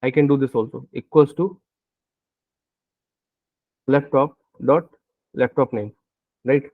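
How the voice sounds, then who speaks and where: A man's voice: medium pitch, slow pace, dry recording. Male coding instructor working through code live, tinny dry recording, muttering and questioning himself. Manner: thinking aloud, frequent "right?" checks. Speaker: programming instructor.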